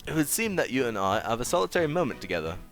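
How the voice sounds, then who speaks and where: Streamer doing a stuffy old gentleman, put-on British accent, lively swooping delivery. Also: mid-range voice, rapid-fire, faint music behind. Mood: pompous. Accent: attempted British. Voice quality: stuffy, formal, old-fashioned phrasing. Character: pompous aging gentleman theater owner, formal. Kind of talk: reading a game aloud on stream.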